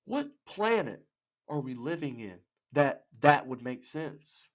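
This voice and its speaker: A man's voice: on the high side, very animated, slow, rough recording. A man hosting his own show, ranting angrily with lots of swearing and hard emphasis. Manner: angry, profane, heavy emphasis. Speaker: host. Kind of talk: ranting commentary. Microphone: home setup.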